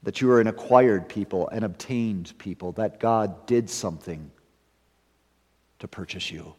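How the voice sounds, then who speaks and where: A man delivers a sermon at a slow, deliberate pace. His voice climbs for emphasis, then sinks to hushed, low endings. It carries a long reverb through a church sanctuary. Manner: measured preaching that swells to emphasis and drops to hushed low endings. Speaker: pastor.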